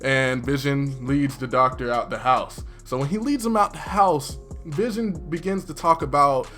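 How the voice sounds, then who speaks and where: A man casually recapping a TV episode in an excitable, chatty way with lots of fillers. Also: mid-range voice, normal speed, faint music behind.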